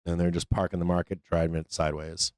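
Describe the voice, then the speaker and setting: Low-voiced, profane trading stream host. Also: male voice, flat delivery, fast talker, a little mellow, smooth, dry recording. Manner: loose, profane, rambling with fillers. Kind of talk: casual live-stream market commentary.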